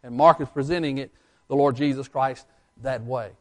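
A man preaches a Bible sermon with emphatic, rising-and-falling delivery, putting questions to the congregation and answering them himself. His mid-range voice holds a steady tone at a normal speed.

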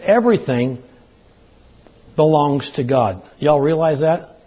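A man's voice: fairly high pitch, animated, normal speed, slightly rough. A man preaching a sermon to his congregation, folksy and plain-spoken, addressing them as y'all, with a dry throat. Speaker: pastor. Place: church service. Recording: tinny phone-like sound.

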